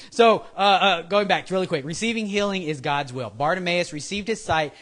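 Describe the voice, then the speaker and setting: A man's voice: high voice, normal speed, a bit bright. A man preaching a casual sermon, chatty and prone to tangents, acting out what people say. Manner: chatty, goes off on tangents, acts out quotes in voices.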